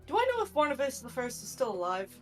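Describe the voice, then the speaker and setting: A woman playing a tabletop game, arguing her character's case and quick to object. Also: sits high, big pitch swings, soft background music. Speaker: player. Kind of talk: casual tabletop role-play.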